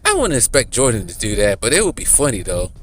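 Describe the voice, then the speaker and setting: A man's voice: on the low side, huge pitch swings, quick pace, fairly bright tone, soft background music. A man rambling casually in a commentary vlog, chatty and often laughing. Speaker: YouTuber.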